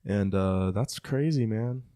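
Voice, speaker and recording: Male co-host, lowish voice, upbeat and rambling casual talk. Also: slow, mellow. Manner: chatty, filler-heavy, enthusiastic. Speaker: podcast co-host. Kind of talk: casual chat.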